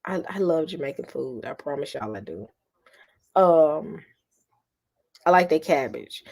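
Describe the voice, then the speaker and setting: A woman's voice: deep voice, measured pace, vocal fry, pauses often. A middle-aged woman, chatting casually with her live viewers. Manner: chatty, animated, addresses viewers as y'all. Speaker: vlogger talking to live viewers. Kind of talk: casual live-stream chat.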